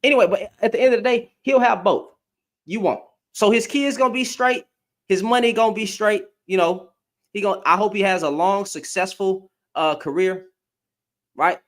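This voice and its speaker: A man's voice: high voice, normal speed, fairly bright tone. A man giving a blunt, profane opinion rant to camera, firing off rhetorical questions as a commentary vlogger.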